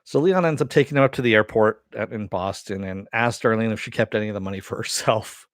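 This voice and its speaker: Low-voiced man recapping a TV episode. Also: quick pace, no room sound, studio quality. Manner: rambling, many "you know" and "uh" fillers. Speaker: TV episode reviewer.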